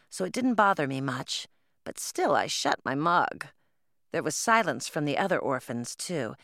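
Woman reading an audiobook aloud, steady storytelling, dry close sound. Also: sits low, dry recording. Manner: plain storytelling, first person as a twelve-year-old girl. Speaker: narrator. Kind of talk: audiobook narration.

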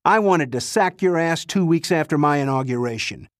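A man doing a brash, petty president, pitched up. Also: lively intonation, normal speed, dry recording, clean studio sound, natural voice. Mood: indignant. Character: brash, petty middle-aged male president.

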